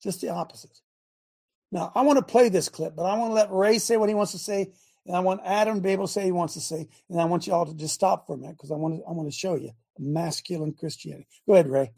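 A man hosting an online talk as a coach, preaching loudly, repeating himself and shouting at times. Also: high voice, fast talker, creaky, husky. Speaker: host and coach.

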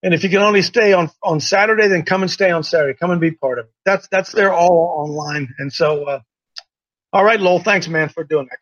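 A man's voice: sits high, a little fast, a bit bright, dry recording. A man hosting a casual live show, talking in a rambling, folksy way that often breaks off mid-sentence. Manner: rambling, folksy, self-interrupting. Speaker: host. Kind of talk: casual livestream chat. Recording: dull lo-fi sound.

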